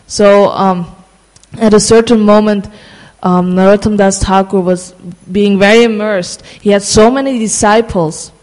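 A speaker casually telling a devotional story, halting often and slowing down for emphasis. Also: mid-range voice, steady tone, a little mellow, in a large hall, poor audio. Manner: halting, many fillers and restarts, slows for emphasis.

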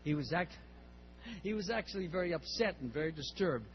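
An older man with a fairly high voice tells a story to a class, rambling and restarting his sentences. The recording is slightly muffled, and a faint hum runs underneath. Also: expressive, fairly quick. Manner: rambling, with repeated words and restarts. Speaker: speaker at a temple class.

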